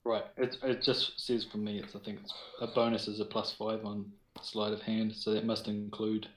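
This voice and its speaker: A man's voice: on the low side, flat delivery, moderate pace. A man with a New Zealand accent playing a tabletop game casually, unsure and trailing off as he works out his rolls. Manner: hesitant, trailing off mid-sentence. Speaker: player. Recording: echoey room.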